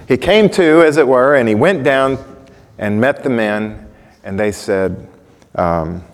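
A man delivers a sermon in an easygoing, conversational manner, often pausing to ask his listeners questions. His voice sits at an ordinary middle pitch for a man. It rings out with the long reverb of a large church hall. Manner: conversational, asks the congregation questions. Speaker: preacher.

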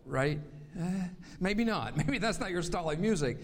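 A man's voice: a little high, lively intonation, moderate pace, in a large hall, over music. A man from North Carolina with a faint Southern accent, preaching a sermon as pastor, stretching key words for emphasis.

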